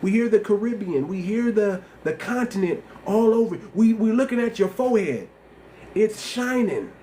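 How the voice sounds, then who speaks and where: At a moderate pace, a high-pitched man with a slight lisp runs his livestream, speaking bluntly and repeating himself in slang-heavy, animated bursts. Slight background noise is present.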